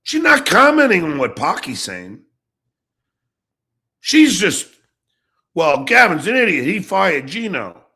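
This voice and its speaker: A middle-aged man hosting his own podcast, ranting angrily and profanely, jumping between shouts and low mutters. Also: huge pitch swings, takes it slowly, long pauses. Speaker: podcast host. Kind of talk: angry ranting monologue.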